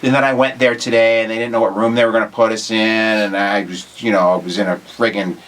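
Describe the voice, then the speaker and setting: A male chiropractor in casual chat, talking in an emphatic, rambling, animated way. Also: fairly low pitch, quick pace.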